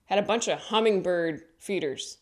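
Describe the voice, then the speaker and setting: A woman comedian telling rambling stories in a casual, mumbly way and acting out quotes in higher voices. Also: moderate pace, darkish tone. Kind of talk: casual comedic storytelling monologue.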